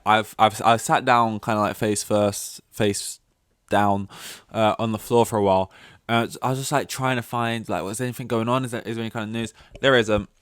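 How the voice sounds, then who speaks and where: Rambling young man, smooth voice. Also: medium pitch, a bit bright, dry recording, clean studio sound. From London. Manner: rambling, self-deprecating, many fillers and restarts. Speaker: podcast host. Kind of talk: casual solo chat.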